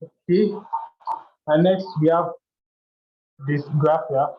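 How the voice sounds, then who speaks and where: A man's voice: a little high, fairly even intonation, takes it slowly, slight background noise. A man hosting a workshop, explaining topics step by step in a loose way with frequent restarts. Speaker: workshop host. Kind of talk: educational talk. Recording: dull lo-fi sound.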